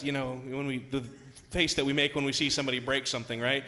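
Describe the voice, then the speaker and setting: A young man preaching to a church congregation as youth pastor. His voice sits at an ordinary middle pitch, and he tells stories casually, full of ums and restarts. At times he swells into loud, emphatic declarations. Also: steady tone, quick pace, few pauses. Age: young adult. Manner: conversational, many fillers, rises to loud emphatic passages. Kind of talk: sermon with storytelling.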